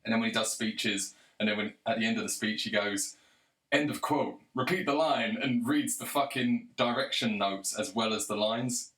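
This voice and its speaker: A man's voice: on the low side, fairly even intonation, normal speed, fairly bright tone. A man delivering an angry, sarcastic, profanity-laden rant to the camera. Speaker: video commentator. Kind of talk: ranting monologue. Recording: roomy echo.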